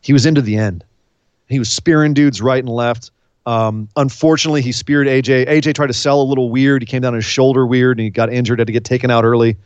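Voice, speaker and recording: Emotional excitable man recapping wrestling. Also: mid-range voice, fast, clean tone, dry recording, dull audio. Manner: excitable, gets choked up, emphatic. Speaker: podcast co-host. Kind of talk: casual wrestling recap chat.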